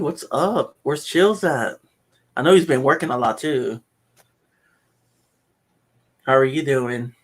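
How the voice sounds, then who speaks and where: A middle-aged man hosting a casual chat. He tells stories in an animated way, getting loud and excited, then dropping to mutters. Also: a little high, poor audio. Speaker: livestream host.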